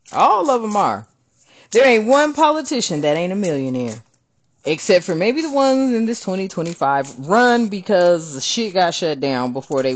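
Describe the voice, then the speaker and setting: A woman hosting a spiritual card-reading channel, ranting bluntly and profanely while reading cards. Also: on the low side.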